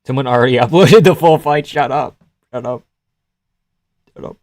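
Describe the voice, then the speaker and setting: A young man from Canada riffing loosely on a live stream, cracking jokes and swearing freely between laughs. His voice sits at an ordinary middle pitch, and the recording is dry and close with no room sound. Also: normal speed, darkish tone, dry recording. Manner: joking, swearing, often laughing. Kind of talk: casual live-stream fight commentary.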